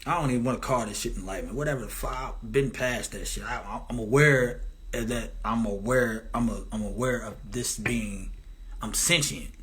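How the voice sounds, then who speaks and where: A man's voice: medium pitch, normal speed, fairly bright tone. Man, rambling profane monologue, grandiose, meandering restarts. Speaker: commentator.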